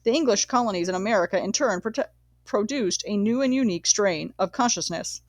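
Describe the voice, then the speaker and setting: A woman's voice: mid-range voice, no room sound. Woman reading history aloud, dry sound. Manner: measured, steady reading with occasional self-corrections. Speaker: audiobook reader.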